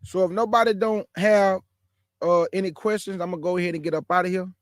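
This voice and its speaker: High-voiced man preaching emphatically. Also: steady tone, fast talker, dry recording, clean studio sound. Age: 40s. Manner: emphatic and exhorting, addresses listeners as bro and y'all. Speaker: caller in an online religious discussion. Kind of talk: casual preaching talk.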